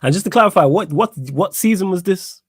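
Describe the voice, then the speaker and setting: Podcast host, man, husky, dry room, short backchat. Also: high-pitched, animated, fairly quick, no echo. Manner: short encouraging interjections. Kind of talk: casual chat.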